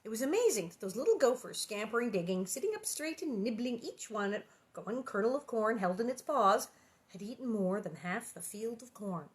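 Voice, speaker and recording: A woman's voice: fairly high pitch, sing-song, brisk. A woman reading a children's book aloud with gushing, giggly asides. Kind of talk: storybook reading with chatty asides.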